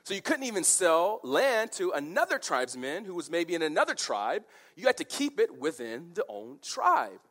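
A male preacher with a fairly high voice, working through a scripture passage. His pitch swings widely as he talks, and he drops into casual asides to make his points. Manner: animated, conversational, with quick asides. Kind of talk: expository sermon.

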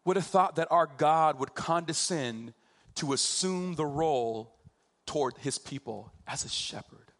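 Male preacher, fairly high voice, slow deliberate delivery, emphatic sermon style. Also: a bit bright. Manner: slow, emphatic preaching, drawing out key phrases.

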